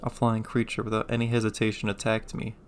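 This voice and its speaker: A man playing a game, reading its text aloud with deadpan, joking asides. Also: lowish voice, quick pace, a little hiss or hum. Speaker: gamer.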